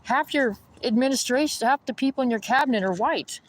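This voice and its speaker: A man's voice: extremely high pitch, a little fast, slight background noise, poor audio. A man ranting in a rambling, indignant way while walking outdoors by a pond. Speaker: vlogger.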